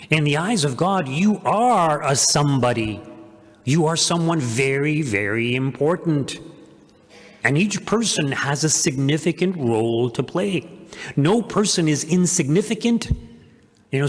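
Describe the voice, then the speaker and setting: Priest preaching in an echoey church. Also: male voice, medium pitch. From Canada. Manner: earnest, with repeated phrases and emphatic rises. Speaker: pastor. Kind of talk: homily at daily Mass. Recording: echoey church with long reverb.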